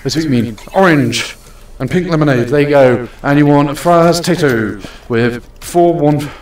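A man's voice: a little high, moderate pace, darkish tone, far from the mic. A young man streaming a game, chatting casually and playfully bossing around the customers. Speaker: gaming streamer. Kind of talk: casual live-stream commentary. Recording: roomy echo, off from the mic.

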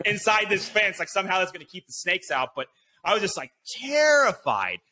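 A man guest on a podcast, telling an animated story full of swearing and fillers, acting out his own inner voice. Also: high-pitched, a little fast. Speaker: podcast guest, BASE jumper.

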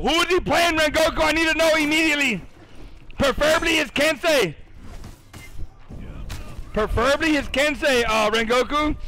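A man commentating video game duels live on stream, excitable and profane, bantering with chat and yelling reactions. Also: very high-pitched, creaky, rough recording. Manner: excitable, swears a lot, yells at chat.

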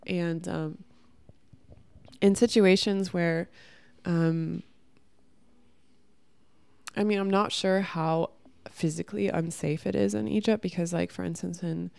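A woman vlogger with a low, gravelly voice talks to her camera in a loose, rambling way, dropping "like" into almost every phrase. Her tone is dark and mellow, and her voice stays smooth and clear. The sound is dry and close. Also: fairly even intonation, slow pace, pauses often, no echo. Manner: rambling, heavy use of "like"; reflective, candid. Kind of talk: casual spiritual monologue to camera.

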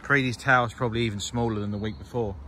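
A man in a relaxed, teasing mood, giving a running commentary as he films his friends outdoors. He laughs easily and ribs the others. Loud outdoor noise sits under his voice. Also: mid-range voice, quick pace. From England. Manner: jokey, teasing, laughs often. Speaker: vlogger filming a magnet fishing outing. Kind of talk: casual filmed running commentary. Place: outdoors by a river. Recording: noisy outdoor recording.

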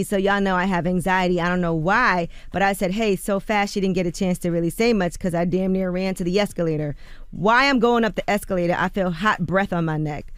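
A woman's voice: fairly low pitch, quick pace, smooth, no room sound. A woman co-hosting a morning radio show, reading celebrity news and quotes in a chatty way with loose fillers. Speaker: radio co-host reading the rumor report. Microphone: studio microphone.

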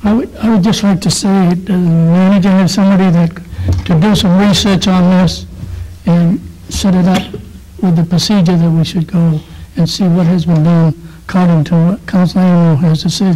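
A man's voice: high-pitched, dark tone, low-quality recording. A man on a town council, speaking plainly at a meeting and impatient to move things forward. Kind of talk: public meeting remarks.

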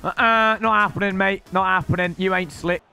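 A young man commentating his own football video game matches, excitable and sweary, ribbing his opponents. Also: high voice, a little fast, smooth. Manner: excitable, shouty, sweary banter. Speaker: gaming YouTuber. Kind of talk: live gameplay commentary. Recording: game music behind voice.

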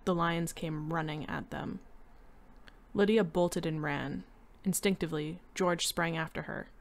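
A woman reading a short story aloud in a steady, descriptive narration. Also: fairly low pitch, measured pace. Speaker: reader.

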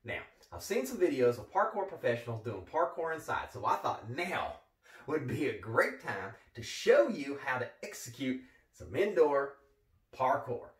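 An overeager middle-aged ex-gym teacher , played by a man, gives a pep talk in a comedy sketch, swooping up and down in pitch as he goes. He loops his slogans and keeps asking "all right?" His voice sounds roomy and a little distant from the mic. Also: sing-song, normal speed, close to an everyday voice. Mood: hyped. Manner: pumped-up pep-talk delivery, repeating catchphrases, frequent "all right?". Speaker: comedic character monologue. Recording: echoey room, voice from off the mic.

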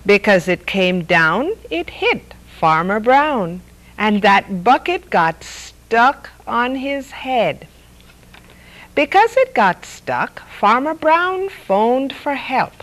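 Slow, lively woman reading picture books aloud. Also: a little high, low-quality recording. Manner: lively, playful read-aloud with sound effects. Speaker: story hour host.

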